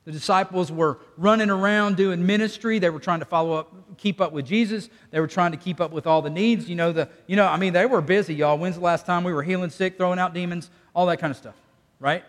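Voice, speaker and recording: Male pastor, high-pitched voice, chatty call-and-response preaching, recorded live in a church with a long echo. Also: fairly quick. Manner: folksy, conversational preaching with audience call-and-response. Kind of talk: sermon. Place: church sanctuary. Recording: long reverb of a church hall.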